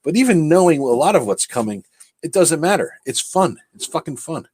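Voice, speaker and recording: A man's voice: fairly high pitch, sing-song, normal speed, a little mellow, slightly rough, dry recording. Man, laid-back podcast co-host, easy laugh, dry close sound. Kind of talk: casual podcast chat. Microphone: computer microphone on a live stream.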